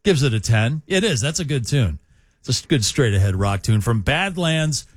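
A man's voice: mid-range voice, normal speed, dry recording. Male rock radio host, jokey and chatty, dry close studio sound. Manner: jokey, animated, reads listener texts. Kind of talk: casual radio chat. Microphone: studio mic.

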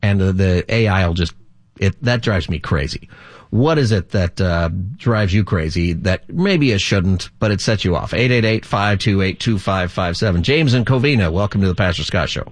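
A man's voice: low voice, normal speed, no echo. A middle-aged man hosting a call-in radio talk show as a pastor, rambling and chatty, laughing easily.

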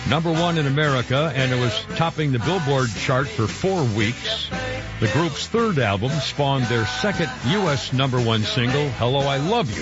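A man's voice: medium pitch, expressive, moderate pace. A man hosting a radio show, rambling casually with muttered asides and self-mocking jokes. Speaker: radio host. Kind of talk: casual on-air banter. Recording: dull broadcast audio with faint music.

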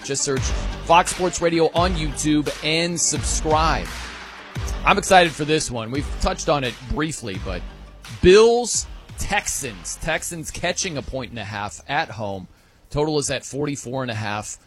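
A man hosting a sports talk radio show, excitable and quick to mimic stadium chants. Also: fairly high pitch, over music.

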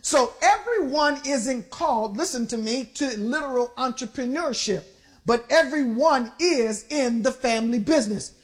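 High-voiced woman preaching with fervor. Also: lively intonation, moderate pace. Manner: call-and-response preaching, rising to shouts. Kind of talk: sermon.

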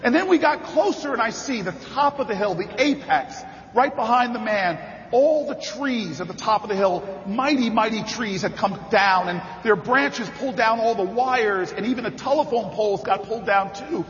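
A man giving a rousing political convention speech, telling a story and building to shouted rallying calls. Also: high-pitched, lively intonation, normal speed, slight background noise. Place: large convention hall with a crowd. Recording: echoey hall, dull sound, crowd behind.

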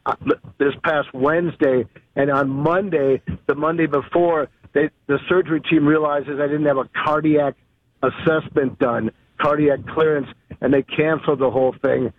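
A man calls in to a radio show over a tinny, phone-like line. He tells a rambling, chatty story in a slightly higher voice. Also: fairly even intonation, normal speed. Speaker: caller.

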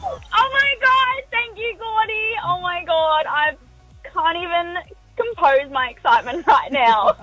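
Gushing, very high-pitched caller. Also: female voice, measured pace, bright, forceful tone, faint music behind, poor audio. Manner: giggly, gushing. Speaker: contest caller.

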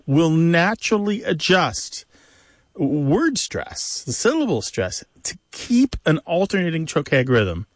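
A man's voice: a little high, very animated, takes it slowly, dry recording. A man co-hosting a language call-in show, explaining word stress in a professorial way with many examples. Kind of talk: explanatory radio chat.

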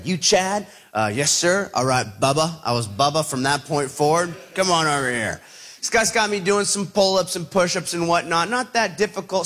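Animated man telling a personal story. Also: fairly high pitch. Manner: animated, acts out the voices of people in the story. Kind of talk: personal story told to an audience.

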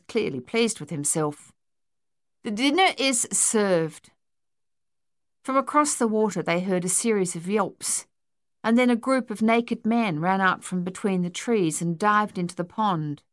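A woman with a fairly low voice reads an audiobook in a measured, even storytelling manner. The recording is dry and close, with no room sound at all. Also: no room sound. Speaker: audiobook narrator. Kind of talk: scripted narration.

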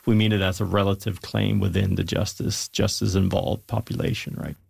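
Gravelly, husky man explaining research. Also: low-pitched, little pitch movement, fairly quick, darkish tone, no room sound. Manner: emphatic, explaining with asides. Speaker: scientist guest. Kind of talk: interview talk.

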